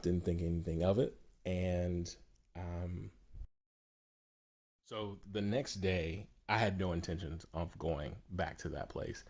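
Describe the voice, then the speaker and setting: Deep-voiced man telling a rambling story. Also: a little mellow. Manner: rambling, self-amused storytelling with restarts. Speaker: yacht broker. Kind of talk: personal anecdote to camera.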